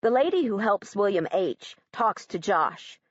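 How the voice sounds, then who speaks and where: A woman reads an audiobook in the first person as a young girl, literal and matter-of-fact, her pitch swinging in a lively way. The recording is dull and muffled and very dry. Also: a little slow, no room sound. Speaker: audiobook narrator.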